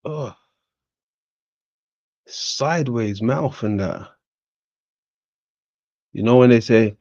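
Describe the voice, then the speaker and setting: A man giving casual reaction commentary in profane, laughing, slow, drawling remarks. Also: mid-range voice, darkish tone, dry recording, lo-fi sound.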